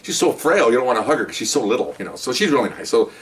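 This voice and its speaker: Speaking rapid-fire in a medium pitch, far from the microphone, a man who used to be a police officer spins a long, meandering tale. He animates it with laughter and acts out the quotes of the people in the story.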